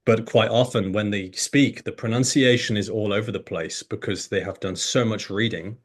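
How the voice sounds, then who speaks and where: Man explaining language learning with animated examples. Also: on the low side, normal speed. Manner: animated, demonstrates pronunciation examples. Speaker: English teacher, guest. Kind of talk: explanatory conversation.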